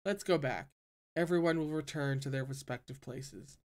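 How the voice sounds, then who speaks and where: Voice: medium pitch, normal speed, natural voice. A reader doing a cold, irritable young swordsman. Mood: cold, irritated. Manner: cold, clipped and mocking. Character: curt irritable young male sect leader. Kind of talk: audiobook character reading.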